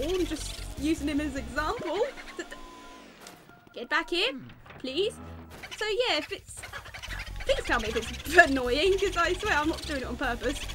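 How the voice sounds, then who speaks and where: A young British woman giving fast, excitable let's-play commentary with melodramatic outbursts, game music behind. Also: sits high. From Britain. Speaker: gaming YouTuber.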